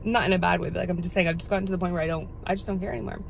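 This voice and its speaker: A young woman vlogs casually into her phone, held at arm's length, while running errands and talking at home. Her fairly low voice is steady, rapid-fire, and creaky, with lots of "like" and a little hiss or hum in the recording.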